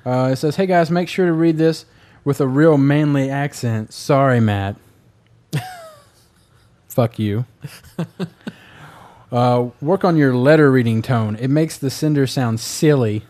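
A man's voice: medium pitch, a little slow, long pauses, darkish tone. A man co-hosting a podcast, rambling and joking as he reads listener emails in casual chat.

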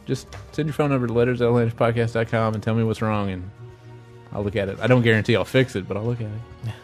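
A man's voice: medium pitch, fairly even intonation, fast, faint music behind. A man co-hosting a casual podcast, trading jokes and arguing his point in loose banter. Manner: joking, argumentative banter. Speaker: podcast host.

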